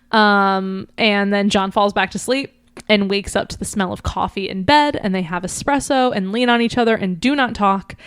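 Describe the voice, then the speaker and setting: A woman's voice: medium pitch, a bit bright, smooth, dry recording, studio quality. A woman podcast co-host casually recapping a book's plot, chatty and full of fillers, briefly acting out quoted lines. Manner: chatty, lots of likes and ums, acts out quoted lines. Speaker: podcast co-host summarizing a book. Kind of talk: casual chat recapping a story.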